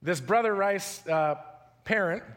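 Guy in his 40s preaching a sermon, casual storytelling, voice on the higher side, big echoey church hall. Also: a little slow, fairly bright tone. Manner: conversational, storytelling, repeats words. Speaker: pastor. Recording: long hall reverb.

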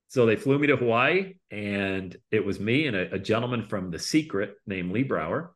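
Middle-aged guy, kinda low voice, animated storyteller doing little voices for people in his story. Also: fairly quick. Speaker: guest speaker and coach. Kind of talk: casual storytelling interview.

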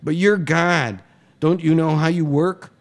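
A man's voice: fairly high pitch, steady tone, measured pace, pitched above the performer's own voice. A man reading a story aloud, voicing a young son who anxiously questions and pushes back at God. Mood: questioning. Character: boy narrator Abraham, anxious, defiant son.

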